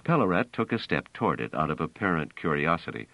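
Reading scripted audiobook narration, this man has a very deep voice and expressive, lively pitch movement. He keeps a clear, measured pace, and the sound is dry and a bit dull, with no echo at all.

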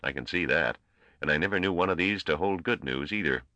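A man voicing a gruff, blunt, seasoned male space trader. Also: sits low, brisk, bright, forceful tone, no room sound, pitched above the performer's own voice.

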